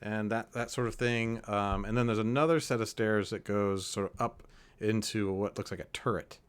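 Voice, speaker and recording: A man running a tabletop horror game as game master, describing scenes in a loose, halting way full of ums and likes. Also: fairly low pitch, fairly even intonation, clean tone.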